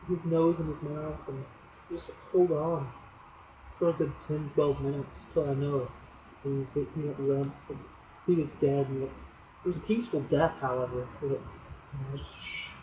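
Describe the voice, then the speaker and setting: A man delivering a rambling comic monologue for his fantasy league's weekly roast, telling crude jokes in a low-key, deadpan way. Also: a little hiss or hum, poor audio.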